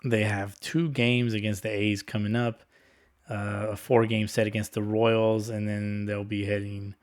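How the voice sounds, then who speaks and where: Podcast guy rambling in a low monotone, chill, kinda sarcastic, swears a bit. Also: a little slow. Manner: laid-back, rambling, drops swear words, sarcastic. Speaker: podcast host. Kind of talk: casual solo sports podcast.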